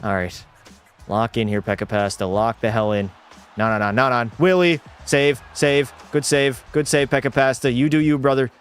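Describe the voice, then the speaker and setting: A man's voice: mid-range voice, little pitch movement, normal speed, faint music behind. A young man streaming a hockey video game, commenting live and talking to his chat while ranting in frustration and swearing at the game. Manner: talks to chat.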